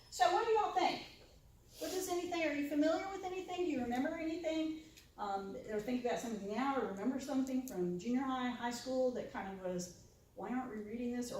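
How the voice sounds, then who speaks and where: A woman leads an informal lunchtime discussion, chatty and full of "right?". She acts out the reactions of other people as she goes. Her slightly high voice is picked up from a distance in a very echoey room, with a faint hiss underneath. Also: animated, brisk. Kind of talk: informal talk to a live audience. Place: university room with audience.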